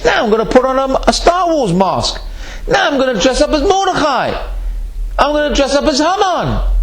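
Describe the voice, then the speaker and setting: A male rabbi gives a lively Torah lesson, and his delivery is animated. His voice sits high and leaps around a great deal, rising and falling as he spins a joke for his listeners. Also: moderate pace. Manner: animated storyteller, swooping between high and low. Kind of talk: Torah class with a told joke.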